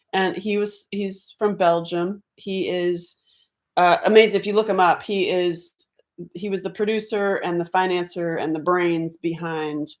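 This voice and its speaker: A woman chatting on a casual livestream, laughing often, greeting viewers by name and jumping from topic to topic. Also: on the low side. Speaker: livestream host.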